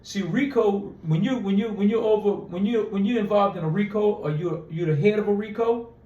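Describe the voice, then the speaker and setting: A man's voice: high-pitched, brisk, mellow, echoey room, distant mic, dull audio. A man telling a long personal story in a casual interview, rambling with restarts and acting out quoted dialogue. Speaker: interview guest.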